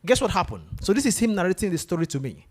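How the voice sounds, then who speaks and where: Lively, animated male motivational speaker. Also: high voice, fast. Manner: animated, asks the room questions. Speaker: guest speaker. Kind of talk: motivational talk to students. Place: lecture room with an audience.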